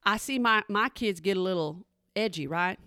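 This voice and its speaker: A woman's voice: mid-range voice, normal speed, sharp tone, no echo, clean studio sound. A middle-aged woman and mother, chatting in a sassy, emphatic monologue straight to her listeners. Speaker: parent monologue host. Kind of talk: casual chat monologue.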